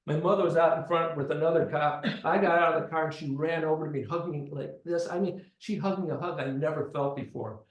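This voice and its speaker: A man's voice: fairly high pitch, a little fast, few pauses, lo-fi sound. Male storyteller, dramatic delivery, voices other characters; roomy echo. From Detroit. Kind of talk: live personal storytelling.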